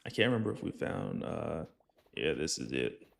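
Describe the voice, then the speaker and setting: A man's voice: extremely low pitch, big pitch swings, moderate pace, creaky. A young man casually commenting on his gameplay, rambling and joking, sometimes slipping into a put-on folksy accent. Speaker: gaming channel host.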